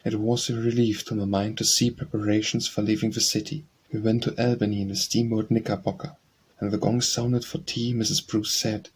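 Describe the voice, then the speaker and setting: A man narrating an audiobook memoir in a measured, even reading. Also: on the low side, a little hiss or hum. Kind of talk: scripted narration.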